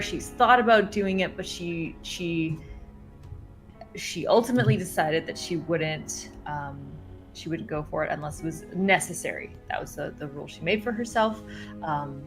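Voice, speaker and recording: Woman player, low voice, hesitant, music clearly behind. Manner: hesitant, thoughtful. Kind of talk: tabletop game chat.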